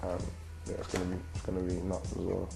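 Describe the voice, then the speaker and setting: A young man in his twenties with a London accent, a rapper and actor answering interview questions in a relaxed, slang-filled way and tagging sentences with "you get me". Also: low voice, fast, gravelly, music in the background, low-quality recording. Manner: slang-heavy, constant "you get me" tags.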